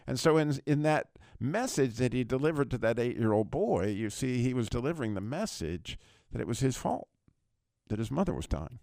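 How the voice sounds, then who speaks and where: A man's voice: medium pitch, animated, a little fast, gravelly, a little mellow, dry recording, clean studio sound. A man hosting Christian talk radio, earnestly retelling a film scene and stumbling over repeated words. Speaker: radio talk show host.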